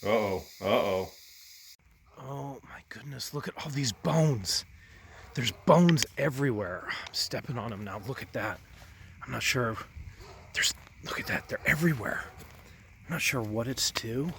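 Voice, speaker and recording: Male vlog host, mid pitch, bright edge, excitable, whispers often, outdoors. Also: moderate pace, slight background noise. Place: outdoors by a swamp.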